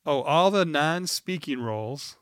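A man's voice: fairly high pitch, expressive, measured pace, fairly bright tone, smooth, no room sound. Laid-back man chatting on a podcast, dry sound. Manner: rambling, reads from notes with many ums. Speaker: podcast co-host. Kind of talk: casual chat.

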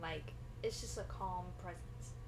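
A woman's voice: lowish voice, unhurried, slight background noise. A young woman co-hosting a casual podcast, teasing and slangy in a laid-back way. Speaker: podcast co-host. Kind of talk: casual chat.

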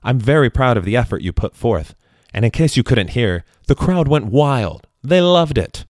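A man with a natural mid-range voice, expressive and darkish at normal speed, pitches himself above his own register to play a proud, grandiose male stage magician in a spoken story. The character is boastful and self-congratulating, turning apologetic when explaining. The audio is clean studio sound without echo.

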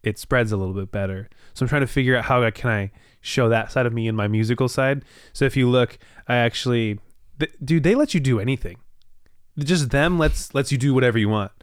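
A playful young man hosting a podcast, rambling cheerfully and laughing often. His voice is smooth and clear, at a middle pitch. The sound is dry and close. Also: fairly quick, no room sound. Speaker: podcast host. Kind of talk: casual chat.

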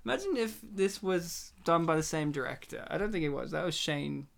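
A man's voice: on the high side, expressive, brisk, vocal fry. A man co-hosting a casual movie commentary chat, joking and sarcastic, laughing often.

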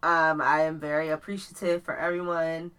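A woman co-hosting a podcast in casual chat, soft-spoken and affirming, laughing often. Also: deep voice, flat delivery, moderate pace, clean tone. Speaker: podcast co-host.

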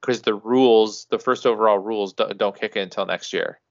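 Laid-back man co-host, gravelly low voice, dry humor, close dry muffled mic. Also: steady tone, a little fast, dry recording. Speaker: podcast co-host. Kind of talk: casual sports chat. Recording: dull dry lo-fi sound.

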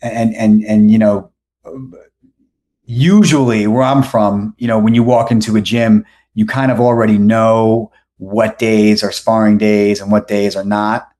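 A man's voice: lowish voice, little pitch movement, unhurried, warm tone. A man from New York telling a story as a podcast guest, rambling with lots of fillers and restarts. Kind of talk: casual storytelling.

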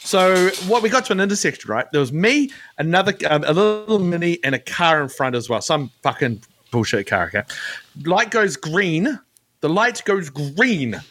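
Guy guest on a podcast, sweary animated rant, high voice. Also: normal speed. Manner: profane, animated ranting. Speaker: guest co-host. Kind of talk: casual podcast chat.

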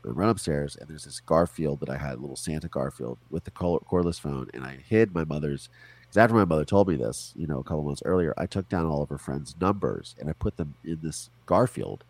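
Deep-voiced man telling his story. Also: no echo. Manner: animated, quotes people in put-on voices, swears. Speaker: interview guest. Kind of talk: casual storytelling.

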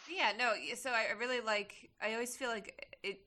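A young woman chats casually as a podcast co-host, rambling through her thoughts with plenty of fillers and the occasional swear. Her voice sits a little high, with a bright edge to it. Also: brisk. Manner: chatty, lots of fillers and profanity. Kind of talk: casual chat.

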